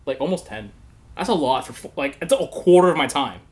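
Young male podcast host, slightly higher voice, loose, laughing, profane storyteller. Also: a little fast. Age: young adult. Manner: laughing often, swearing, animated storytelling. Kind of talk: casual storytelling chat.

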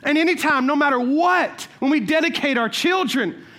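High-voiced pastor preaching. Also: male voice, lively intonation, normal speed, pushed and bright. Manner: storytelling, checks with the crowd. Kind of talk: sermon.

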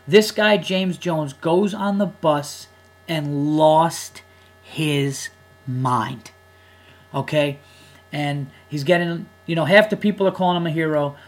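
A man's voice: a little high, takes it slowly. A man hosting his podcast as a comedian, ranting casually with heated, profane emphasis.

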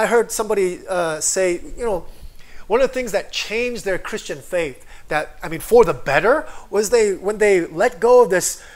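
A man preaching an online sermon with lots of energy, often calling out for an amen and acting out people's inner voices. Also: high-pitched. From foreigner living in Korea. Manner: energetic, calls for amens, acts out inner voices. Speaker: pastor.

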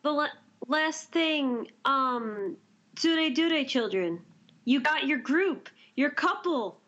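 A high-voiced woman co-hosting a relaxed anime review chat. She mostly agrees in short replies but also gives thoughtful opinions. Her sound is dull and lo-fi. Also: slow. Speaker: podcast co-host.

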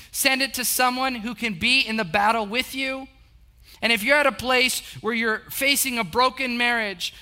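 High bright-voiced pastor man preaching a sermon, middle-aged, pushes hard then goes all quiet and slow. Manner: swings from rising exhortation to hushed, slow intimacy; repeats short urging phrases.

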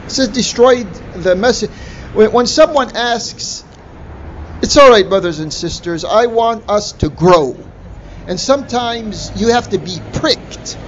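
A man preaching a sermon in a slow, deliberate way, stressing key words with emphatic rises. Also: high-pitched, lively intonation. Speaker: Islamic preacher. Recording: dull lo-fi recording with faint noise.

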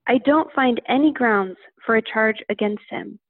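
A woman voicing a stern male Roman governor in a Bible reading, measured and questioning. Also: on the high side, no room sound. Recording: tinny phone-like line.

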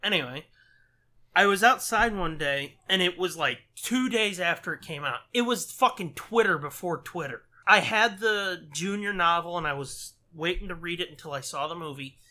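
A man's voice: high voice, expressive, moderate pace, sharp tone. A man co-hosting a movie commentary, telling rambling, profane stories in casual chat. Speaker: podcast co-host.

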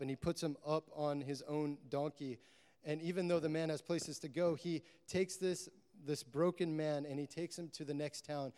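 A man's voice: a little high, warm tone. A man preaching a sermon, telling a parable in long run-on sentences strung together with "and", in a church. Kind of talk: sermon storytelling. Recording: long hall reverb.

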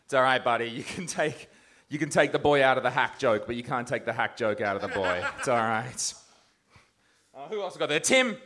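A man's voice: medium pitch, lively intonation, fairly quick, a bit bright. A man doing live stand-up on a comedy stage, roasting people in the audience with crude, mocking banter.

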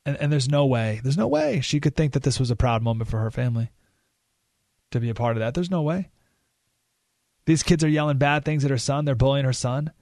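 A man hosting a talk radio show, telling a story in an animated, emphatic way with rising indignation. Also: medium pitch, a little fast, pauses often, no room sound, clean studio sound. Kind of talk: opinionated radio monologue.

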